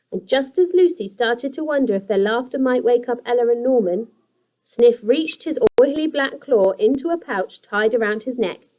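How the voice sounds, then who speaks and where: A young woman teacher reads a children's chapter book aloud to her class. Her voice sits a touch high and she keeps an even, expressive storytelling pace. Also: low-quality recording.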